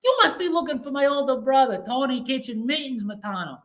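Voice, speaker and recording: A man's voice: very high voice, animated, brisk, a bit bright, pitched above the performer's own voice. A man voicing an eager young male kitchen helper, the talky little brother.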